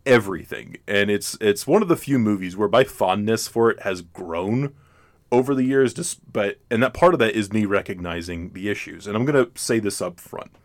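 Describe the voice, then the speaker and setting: A man's voice: on the low side, normal speed. A man hosting a casual film podcast, rambling with many restarts and fillers and laughing often. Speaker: podcast host. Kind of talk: casual chat.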